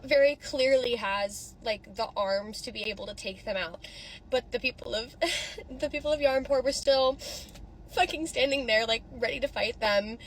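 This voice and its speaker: With a high-pitched voice, a woman cries into her phone outside a theater, rambling emotionally and swearing in a casual vlog reaction for her social media. The recording is low quality, with a little hiss or hum.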